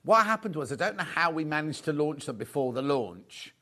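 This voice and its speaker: A man's voice: fairly high pitch, sing-song, fairly quick, bright, forceful tone. A man presenting a live shopping show, chatty and gushing, repeating his phrases as he shows off fabrics. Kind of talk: live sales chat.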